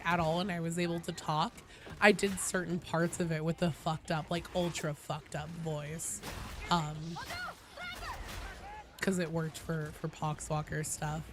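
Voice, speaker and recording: A woman game streamer with a badly damaged, hoarse voice, coughing now and then as she chats casually with her live chat, rambling and swearing freely. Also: on the low side, noisy background. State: coughing between sentences. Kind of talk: casual livestream chat, answering chat.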